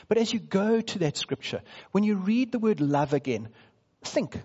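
A man's voice: a little high, animated, normal speed, a little mellow, husky, highs cut off. A man preaching a sermon in a conversational way, asking the congregation questions as he goes. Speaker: pastor.

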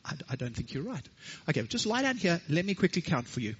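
A man doing a slow skeptical tortoise. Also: on the high side, sing-song, husky, muffled recording, heavily acted.

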